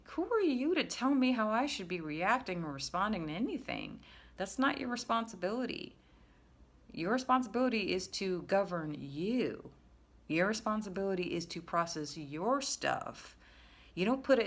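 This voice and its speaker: A woman giving a frank, rambling self-help monologue, often restarting her sentences and jumping up in pitch when she makes a point. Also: vocal fry. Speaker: spiritual self-help creator. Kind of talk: casual spoken monologue.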